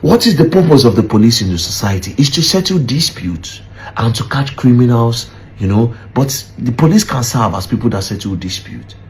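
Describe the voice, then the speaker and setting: A man's voice: medium pitch, expressive, normal speed, a little mellow. A man making an impassioned, pleading appeal full of rhetorical questions. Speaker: commentator. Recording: faint background noise.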